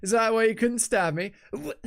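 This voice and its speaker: A woman voicing a brash, hotheaded young woman fighter in a webtoon read-through, mocking and animated. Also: a little high, normal speed, gravelly. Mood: teasing.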